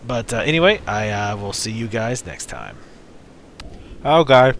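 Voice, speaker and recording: A man's voice: on the low side, sing-song, a little slow, slight background noise. A man hosting a let's play, giving casual, rambling, jokey commentary while he plays.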